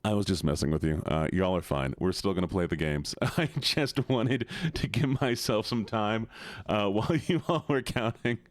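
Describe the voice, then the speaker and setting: A man's voice: lowish voice, normal speed, no room sound. A man livestreaming, chatting playfully with his viewers and greeting them one by one. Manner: playful, teasing, greets chat by name. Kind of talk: casual live-stream chat.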